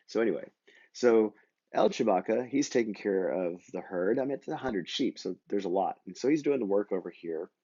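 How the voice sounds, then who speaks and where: A man teaching a children's Bible lesson, talking gently and playfully to the kids and acting the story out with toys. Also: fairly low pitch, lively intonation, fairly quick, breathy edge, highs cut off. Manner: puts on simple voices for toy figures. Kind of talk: kids' Bible lesson with toy puppets.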